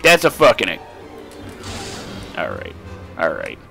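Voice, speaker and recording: A young man hosts a let's play, talking loosely over his gameplay into a desk mic. His speech is unhurried but swings widely in pitch as he curses and laughs. His voice is bright and forward. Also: creaky, faint music behind. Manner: excitable, profane, laughs a lot. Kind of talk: casual gameplay commentary.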